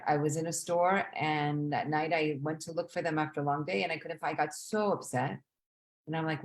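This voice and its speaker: Woman, low voice, live stream host, reflective, measured, fillers, casual advice. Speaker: host answering questions.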